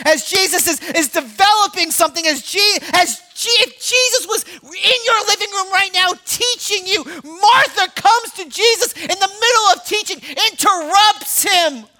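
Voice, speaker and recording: A man in his thirties preaching a sermon, animated and storytelling, swinging between loud emphasis and hushed asides. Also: extremely high pitch. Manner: repeats words, storytelling. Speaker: pastor.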